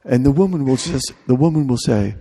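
A man's voice: mid-range voice, expressive, a little fast, mellow, husky, long reverb tail. A man preaching a sermon in a humorous, conversational way, acting out little dialogues.

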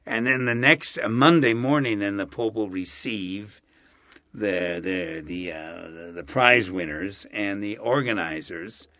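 An older man in a casual interview, speaking in an animated, rambling way with chuckling asides. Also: lowish voice, unhurried, dry recording, clean studio sound. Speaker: interviewee, Latin expert.

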